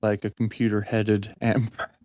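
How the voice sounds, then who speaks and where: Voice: medium pitch, level tone, normal speed, darkish tone, no room sound. A podcast co-host chatting casually, easygoing and joking along with a friend. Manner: easygoing, jokes and laughs along. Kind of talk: casual chat.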